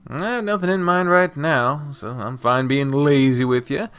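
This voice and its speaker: Faint music plays as a man with a smooth voice on the high side reads a visual novel at a moderate pace. This game streamer voices the narration softly before bursting into loud, casual remarks, swearing freely.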